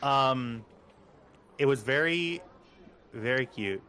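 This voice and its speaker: A man chatting casually and then narrating as game master, rambling and animated with many fillers. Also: mid-range voice, takes it slowly, slight background noise.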